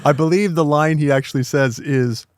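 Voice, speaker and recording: A man chats on a horror film podcast with blunt, wry remarks. His voice is a little higher than usual for a man. The sound is close and dry. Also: brisk, no echo. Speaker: podcast co-host. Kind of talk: casual horror film review chat.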